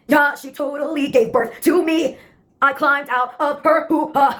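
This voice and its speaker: A woman's voice: high voice, steady tone, a little slow, fairly bright tone. A woman delivering a profane, rambling spoken-word piece in a sardonic, clipped way.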